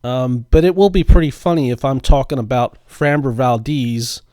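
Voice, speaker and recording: Middle-aged man, chatty voice-over, smooth clear voice, dry close sound, relaxed. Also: mid-range voice, normal speed, no room sound. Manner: relaxed, chatty, unsure of pronunciations. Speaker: card-opening video host. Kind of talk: casual voice-over narration.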